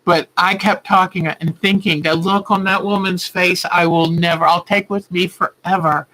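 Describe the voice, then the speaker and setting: A woman's voice: fairly low pitch, fairly even intonation, moderate pace, fairly bright tone, low-quality recording. A woman hosting a quilting livestream, telling a story in a heartfelt, earnest way. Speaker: quilting show host.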